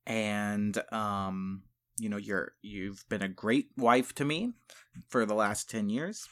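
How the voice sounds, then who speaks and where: A man playing a sheepish husband in an improvised comedy sketch, stammering and hesitant as he tries to calm his wife. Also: on the low side, takes it slowly. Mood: nervous. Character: sheepish husband, secret agent.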